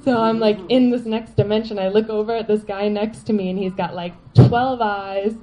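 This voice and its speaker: A woman telling a personal story to a live audience, animated and laughing, full of "like" fillers. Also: medium pitch, normal speed, crowd noise, rough recording.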